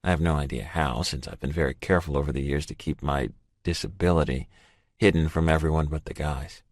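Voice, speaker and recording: A man narrating a first-person romance audiobook in a steady, measured way. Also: very deep voice, no room sound, studio quality.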